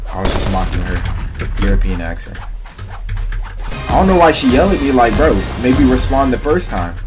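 A man's voice: mid-range voice, animated, normal speed, music in the background. A young man streaming a game, trash-talking in casual slang and talking to his chat. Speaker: gaming streamer. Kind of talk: casual gameplay commentary.

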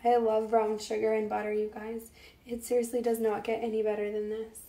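A woman's voice: a little high, completely flat delivery, brisk, warm tone. Young woman, cooking show host, chatty, speaks to viewers, getting over a lost voice, roomy echo. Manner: chatty, talks to viewers as "you guys" and answers comments. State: recovering from a lost voice. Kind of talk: chatty live cooking demonstration. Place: home kitchen. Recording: echoey room with faint noise.

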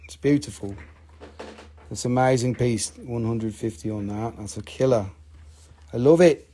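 A man hosting a live mineral sale, who gushes over each specimen in excitable, profane talk. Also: mid-range voice, moderate pace. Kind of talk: live-stream sales talk.

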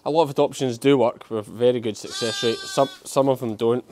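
A man's voice: mid-range voice, fairly even intonation, a little fast, noisy background. A Scottish man, a sheep farmer, chatting casually to the camera while he works sheep with his dog on a hillside. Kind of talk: casual vlog narration while working. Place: outdoors on a farm hillside.

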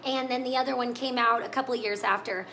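A woman's voice: a little high, fairly even intonation, fast talker, bright, forceful tone, a little hiss or hum. A woman hosting a live cooking stream, chatting with viewers in an emotional, tearful way. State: crying. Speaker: cooking show host. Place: home kitchen.

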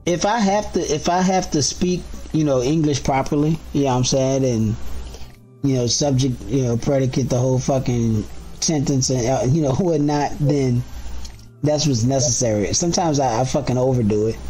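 A man co-hosting a podcast, talking loud and profane in casual chat, telling animated stories. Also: medium pitch, normal speed, soft background music. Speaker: podcast co-host.

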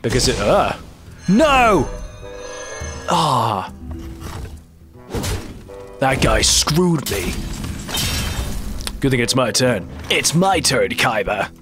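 A man's voice: medium pitch, animated, takes it slowly, long pauses, over music. A man in his twenties hosting a let's play, giving casual, rambling and self-deprecating commentary while he plays a card game.

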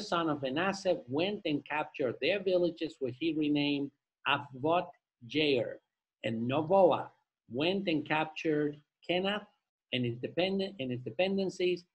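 A husky man reads scripture aloud to his study group. His voice sits a bit high, and he takes the passages slowly, tripping over the names and stopping for joking asides. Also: rough recording. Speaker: Torah study participant reading scripture. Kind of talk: reading aloud and group discussion.

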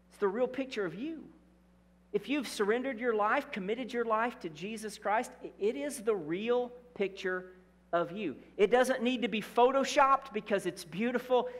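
A middle-aged male pastor preaching in a church sanctuary, his voice sitting high for a man. He is earnest and repeats his key phrases, slipping in playful asides. The sound carries a long hall reverb. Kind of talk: sermon.

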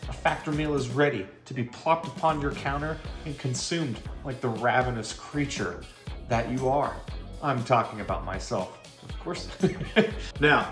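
A man's voice: medium pitch, fairly bright tone, roomy sound. A man reading a sponsor segment in a joking, self-mocking way. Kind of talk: sponsor read.

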